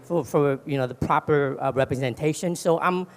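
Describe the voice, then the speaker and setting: A man's voice: fairly high pitch, moderate pace. A man answering on a convention panel, hesitant, with many fillers and restarts. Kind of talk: casual panel chat.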